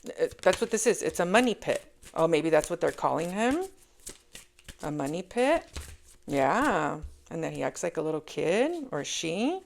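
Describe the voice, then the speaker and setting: A woman gives a casual tarot reading in a lowish voice with a gravelly edge. She talks emphatically and repeats her main points for weight. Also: big pitch swings, measured pace. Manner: emphatic, repeats key phrases. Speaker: tarot reader.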